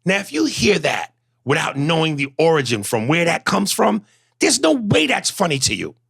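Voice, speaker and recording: A man co-hosting a podcast in casual banter, animated and quick to jump into voices. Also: creaky, husky, no echo, clean studio sound. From United States. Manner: animated, jumps into high-pitched voices and impressions. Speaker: podcast co-host.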